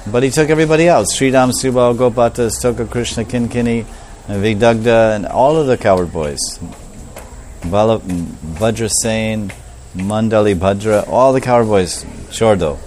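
Animated male preacher telling a story. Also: lowish voice, normal speed, a little hiss or hum. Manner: animated, repetitive, acts out voices. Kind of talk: storytelling sermon.

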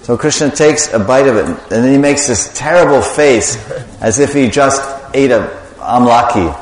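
A man's voice: mid-range voice, lively intonation, normal speed. A man preaching a sermon, animatedly telling a devotional story and quizzing the audience. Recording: echoey hall with long reverb.

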